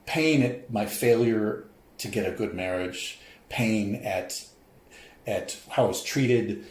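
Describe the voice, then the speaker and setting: Taking it slowly, this middle-aged St. Louis professor speaks in a lowish, darkish voice as a podcast guest. He shares a frank, emotional personal story and performs the voices of people he quotes, in an echoey, roomy podcast space.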